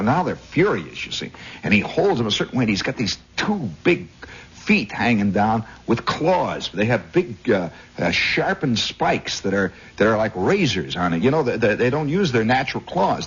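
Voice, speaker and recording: A man from Indiana telling a rambling story as a radio host, on a dull 1960s radio recording. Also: on the low side. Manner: rambling, animated, husky raconteur. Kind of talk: storytelling monologue.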